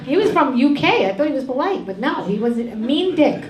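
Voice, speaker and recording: A middle-aged woman with a high voice tears through a brash, foul-mouthed stand-up rant. She works a comedy club stage, her voice echoing around the room over a loud, responsive crowd. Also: sing-song, normal speed. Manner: brash, profane, ranting delivery. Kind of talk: stand-up set.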